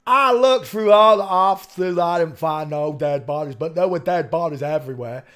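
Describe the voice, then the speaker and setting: A man voicing a male eyewitness with a put-on American redneck accent, speaking loudly and slowly. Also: on the high side, clean tone, close to an everyday voice. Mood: recounting. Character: male eyewitness, shopkeeper, recounting a blast.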